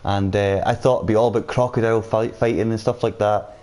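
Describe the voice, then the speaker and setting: A man's voice: on the low side, steady tone, fairly quick, a little mellow. A man casually chatting with viewers while streaming a game, reading out their comments as he plays. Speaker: gaming streamer. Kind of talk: casual live-stream chat.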